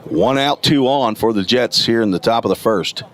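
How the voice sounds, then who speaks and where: A man with a gravelly morning voice calling college baseball play-by-play, reading stats in a steady, detailed way. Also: mid-range voice, normal speed, a crowd in the background. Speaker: play-by-play announcer. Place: outdoor college ballpark.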